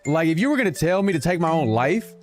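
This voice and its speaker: Animated, swearing gaming streamer, game music behind. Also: male voice, on the high side, fast talker. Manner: animated, joking, swears freely. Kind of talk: casual gameplay commentary.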